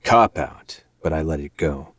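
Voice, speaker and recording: A man hosting a podcast, reading a dark romance novel aloud in a low, measured first-person narration. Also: expressive, dry recording, clean studio sound. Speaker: podcast host.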